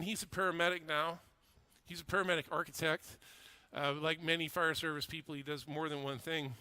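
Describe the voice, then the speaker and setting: A man's voice: fairly high pitch, bright, forceful tone, smooth, dry recording. A middle-aged man, a fire officer and instructor, telling a story in a speech with earnest emphasis and repeated phrases.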